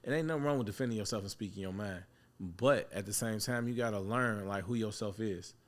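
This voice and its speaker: A man's voice: on the low side, brisk. Blunt, profane barbershop host, a man. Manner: blunt, profane, animated storytelling. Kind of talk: casual chat.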